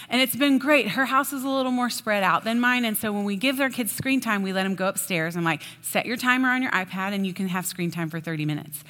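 A woman giving a sermon in a chatty, animated storytelling way. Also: mid-range voice. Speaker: preacher. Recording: long hall reverb.

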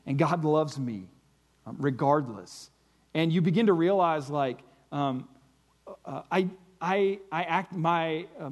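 A man with a somewhat high voice gives a conversational sermon-style teaching. He talks earnestly, rephrasing and restarting as he goes. He often pauses to ask his listeners whether they follow him. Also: a little mellow. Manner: earnest, searching for words, often checks "do you see what I'm saying". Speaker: Christian teacher.

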